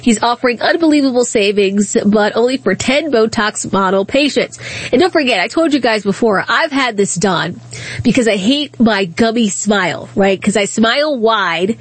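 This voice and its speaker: A woman's voice: on the high side, lively intonation, moderate pace, husky, dry recording. Chatty radio host woman. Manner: chatty, storytelling, laughs easily. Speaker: radio talk show host. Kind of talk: casual talk radio monologue. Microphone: studio microphone.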